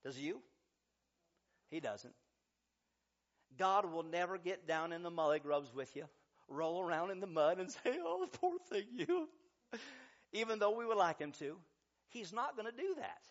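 A man's voice: on the high side, normal speed, long pauses, a bit bright, lo-fi sound. A middle-aged male pastor preaching a sermon, emphatic and repetitive, a little stuffy from sinus trouble. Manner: preachy, emphatic, repeats key lines.

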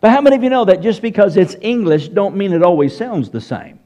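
A man's voice: sits high, big pitch swings, fast, mellow. A man with a Southern US accent preaching a sermon in church, asking the congregation questions directly. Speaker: pastor.

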